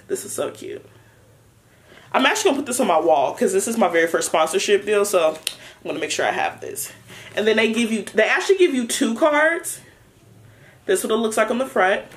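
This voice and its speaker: A young adult woman chatting through a casual unboxing vlog, excitable and playful with lots of slang. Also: medium pitch. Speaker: vlogger.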